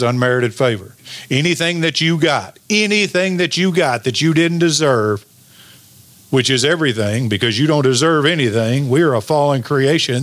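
Slow, emphatic preacher man. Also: medium pitch, a bit bright, dry recording. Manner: preaches with call-and-response, draws out key lines slowly. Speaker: pastor. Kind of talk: sermon.

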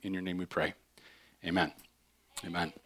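A man's voice: on the low side, normal speed, a bit bright. A man preaching a sermon as pastor, upbeat and chatty, with joking asides between readings.

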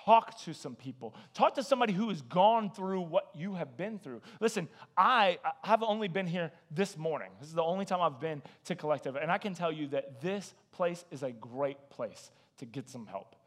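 A high-pitched man delivering a casual, story-driven sermon. He talks conversationally, acts out the voices in his own anecdotes, and keeps coming back to "man" and "listen". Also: moderate pace, hardly any pauses. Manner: animated storytelling with acted quotes. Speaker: guest preacher.

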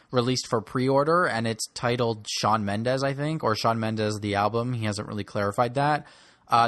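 A man's voice: fairly low pitch, a bit bright, no room sound, clean studio sound. A young man giving blunt, snarky opinions on pop music as host of a solo commentary show. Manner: snarky and blunt, rants about artists.

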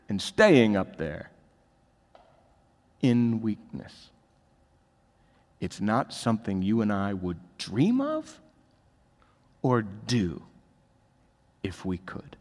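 A man preaching a sermon as pastor, swinging between quiet asides and loud emphatic peaks in a large church hall. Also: on the low side, very animated, drawn-out words, long pauses. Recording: long reverb of a large hall.

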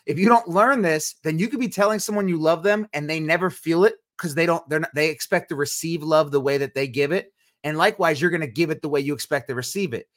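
A man's voice: fairly high pitch, fast, fairly bright tone. A man co-hosting a podcast with his wife, talking earnestly and instructively in a casual chat about marriage and faith. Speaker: podcast co-host.

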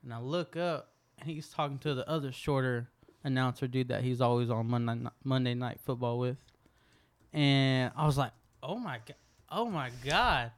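A woman's voice: extremely low pitch, steady tone, moderate pace, a little mellow, smooth, no echo. A young woman co-hosting a podcast, telling stories in loose, casual chat full of swearing. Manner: loose, profane storytelling. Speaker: podcast co-host.

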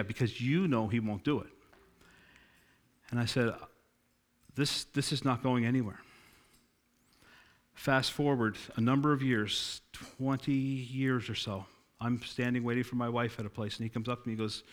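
A man's voice: medium pitch, normal speed, pauses often. Man preaching a sermon. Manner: storytelling, acting out quoted dialogue, emphatic.

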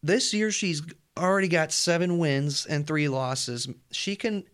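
A man's voice: on the high side, animated, a little slow, fairly bright tone, clean tone. A young man hosting a college radio show, chatting casually and rambling between jokes and asides. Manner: rambling, joking, easily distracted. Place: radio studio.

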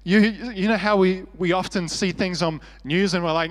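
A man's voice: sits high, fairly even intonation, moderate pace, in a large hall. An Australian man preaching a sermon as pastor, earnest and conversational with self-deprecating humor.

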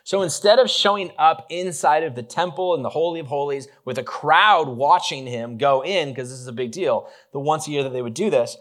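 A man preaching a relaxed, conversational sermon, joking with the congregation and talking with many fillers and restarts. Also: fairly high pitch, brisk, few pauses. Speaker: pastor.

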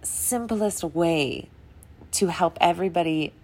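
Speaking slowly in a lowish, darkish voice, a young adult woman hosts a podcast about wellness. Her casual spiritual talk is sincere and emotional, rambling from thought to thought with occasional laughter.

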